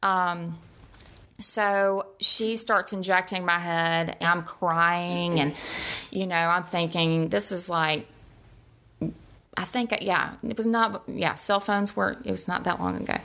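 A woman's voice: on the low side, steady tone, slow pace, bright, forceful tone. A woman telling a personal story in a chatty way, acting out what people said. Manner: chatty, acts out quoted voices.

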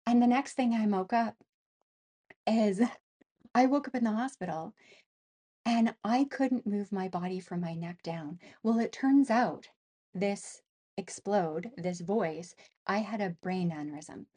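With a mid-range, breathy voice and a measured pace, a middle-aged Canadian woman shares an emotional personal story in an interview. She's animated, imitating voices and using plenty of fillers.

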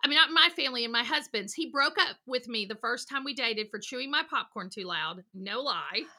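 High, bright-voiced energetic woman. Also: fairly quick. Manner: energetic, animated storytelling with acted voices. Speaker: counselor and guest. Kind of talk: podcast interview.

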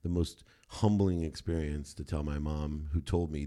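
A man's voice: a bass voice, normal speed. A middle-aged man, a podcast guest, telling a candid personal story in an emphatic way. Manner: emphatic, animated when quoting himself.

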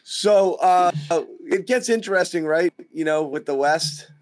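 A man's voice: high-pitched, a little slow, dry recording. A man co-hosting a casual basketball podcast, joking and teasing the other hosts. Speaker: podcast co-host.

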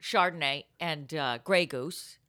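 A woman's voice: sits low, slow, dry recording, studio quality. A woman co-hosting a comedy podcast, joking and doing playful announcer-style plugs. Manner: animated, playful, showy announcer bursts. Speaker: podcast co-host. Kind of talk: comedy podcast chat and ad reads.

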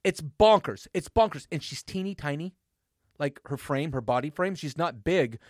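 A man's voice: a little high, normal speed, no echo, clean studio sound. A man co-hosting a radio show, chatting casually, laughing often and telling stories with lots of energy. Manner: animated, laughs often, storytelling. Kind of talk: casual on-air banter.

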